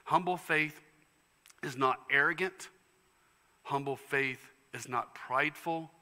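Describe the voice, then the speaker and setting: A man preaching a sermon as pastor, passionate, dropping to hushed tones and rising to fervent declarations. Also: a little high, slow, in a large hall. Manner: impassioned preaching, swings from hushed to loud. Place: church sanctuary.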